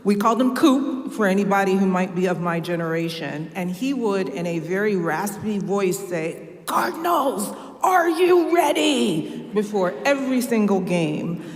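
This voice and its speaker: A woman from Ohio giving a measured, earnest keynote speech from a church podium. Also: lowish voice. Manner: measured, earnest public speaking. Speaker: keynote speaker. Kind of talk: formal speech. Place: large church sanctuary. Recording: echoey hall with long reverb.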